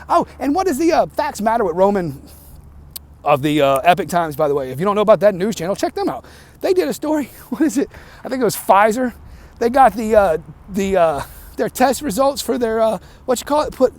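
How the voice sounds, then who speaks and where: A man with a fairly high voice rants to the camera, heated and profane. He circles back and repeats himself as he builds his case. It sounds like an unscripted personal vlog. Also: a little mellow. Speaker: vlogger. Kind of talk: angry rant to camera.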